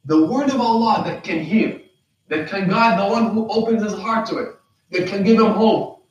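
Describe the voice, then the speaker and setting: A man's voice: high-pitched, moderate pace, dull audio. A man, an imam, giving a lecture on the Qur'an, firing rhetorical questions at the audience and acting out the voices he quotes. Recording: very echoey room, mic far off.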